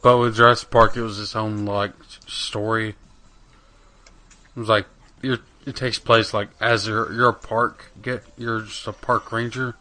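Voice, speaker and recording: Young male podcast co-host, bright tone, rambling and profane. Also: fairly low pitch, level tone, a little slow, dry recording. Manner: rambling, profane, many fillers. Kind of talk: casual gaming chat.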